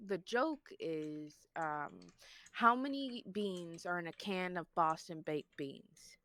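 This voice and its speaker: A woman's voice: on the low side, slow, a bit bright, no echo. A woman co-hosting a casual chat show, telling stories and laughing often. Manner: giggly, storytelling, laughs often. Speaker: podcast co-host.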